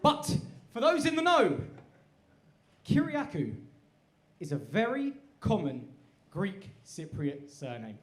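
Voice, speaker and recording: Animated man doing stand-up. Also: high voice, takes it slowly. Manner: animated, self-deprecating, conversational. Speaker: stand-up comedian. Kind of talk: stand-up set. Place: live comedy venue. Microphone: handheld stage mic. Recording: echoey live venue.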